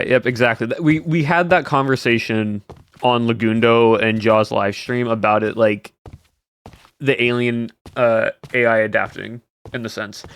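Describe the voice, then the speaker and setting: A man's voice: mid-range voice, clear, resonant tone. A young man streaming, chatting casually with his viewers in a rambling way and answering their comments as he goes. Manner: rambling, answers chat between stories. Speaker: livestreamer.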